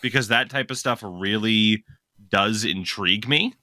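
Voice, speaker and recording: A man hosting a casual hockey podcast, chatty and quick to laugh. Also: lowish voice, no echo. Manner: chatty, laughs often, animated storytelling. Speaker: podcast host.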